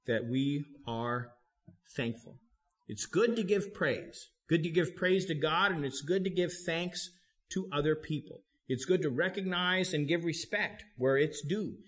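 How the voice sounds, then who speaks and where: A man preaching a sermon as a pastor, talking in a conversational way and lifting his pitch to stress points. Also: slow pace, a bit bright.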